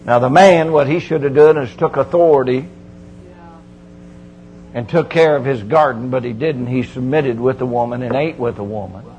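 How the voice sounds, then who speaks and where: A middle-aged preacher giving a folksy, emphatic sermon full of repeated phrases. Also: male voice, mid-range voice, moderate pace, darkish tone, muffled recording, slight background noise.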